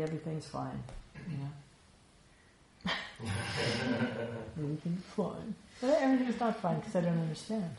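Woman, spiritual teacher, low pitch, echoey room, reflective conversational talk. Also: a little mellow. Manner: reflective, conversational, frequent "you know". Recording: echoey room with faint ambient noise.

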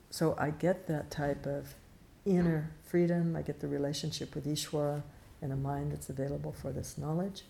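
A woman's voice: low-pitched, vocal fry, warm tone, slight background noise. A middle-aged woman giving a conversational spiritual teaching talk, often restarting and repeating her words. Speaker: Vedanta teacher.

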